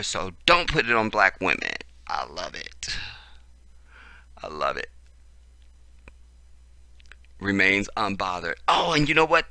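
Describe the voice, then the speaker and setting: Animated man with a very bright voice. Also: no echo. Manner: animated, profane, swings from low mutters to loud outbursts. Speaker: commentator. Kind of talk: reading and reacting to news commentary.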